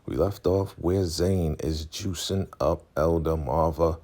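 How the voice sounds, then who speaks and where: A man's voice: extremely low pitch, takes it slowly, dark tone. A man chatting casually as he recaps a TV episode in a laid-back, slangy manner. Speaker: TV recap vlogger.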